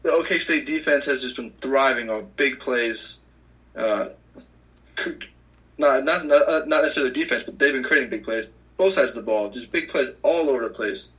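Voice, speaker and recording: A man's voice: medium pitch, moderate pace, a bit bright, rough recording. Rambling man hosting sports picks. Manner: rambling, self-correcting, chuckling. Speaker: podcast host. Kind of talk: casual sports picks chat.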